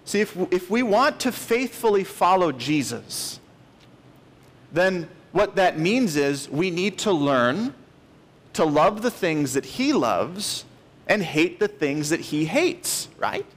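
A man's voice: high-pitched, big pitch swings, slow. A man in his late thirties preaching a sermon as pastor, earnest and emphatic, stressing key words. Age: 30s.

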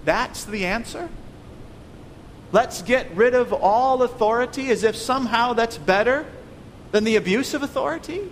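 A man's voice: very high-pitched, normal speed. A man preaching a sermon, earnest and pleading, often stumbling over repeated words. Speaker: pastor. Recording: long reverb, faint noise.

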